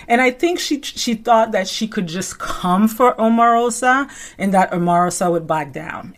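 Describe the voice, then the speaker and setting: A woman hosting casual commentary, talking in a loose, rambling way full of fillers and asides. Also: lowish voice. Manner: rambling and conversational, full of "you know" and "like"; animated storyteller who acts out quotes. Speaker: reality TV commentary host.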